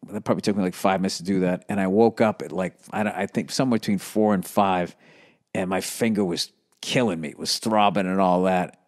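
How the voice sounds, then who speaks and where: A man hosting his own show, telling a rambling, profane comic story to listeners with many fillers and restarts. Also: on the low side. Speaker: comedian podcast host.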